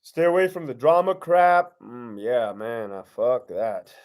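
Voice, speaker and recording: A man's voice: mid-range voice, a little slow, darkish tone. A middle-aged man, a former prison lieutenant, hosting a casual live-stream Q&A, talking bluntly with heavy profanity and streetwise slang. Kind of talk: casual live-stream Q&A reading viewer questions.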